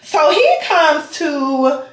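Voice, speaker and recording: A young woman, telling a story to her vlog camera in a dramatic, animated way with laughs. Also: high-pitched, very slow, roomy sound. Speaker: vlogger. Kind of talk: casual storytime chat.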